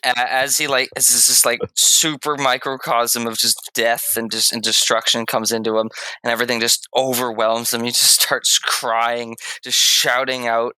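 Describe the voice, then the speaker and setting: Brief: tabletop GM, male, bright voice, hesitant narration, dry sound. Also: mid-range voice, flat delivery, clean tone, dry recording, low-quality recording. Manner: halting, lots of fillers and laughs. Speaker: game master.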